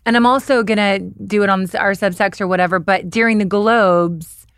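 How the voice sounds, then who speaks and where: A woman's voice: medium pitch, fairly even intonation, moderate pace, a bit bright, clear, resonant tone, no room sound, studio quality. A woman co-hosting a beauty podcast, chatting casually and enthusiastically about makeup picks. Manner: chatty, enthusiastic product recommendations. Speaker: podcast co-host.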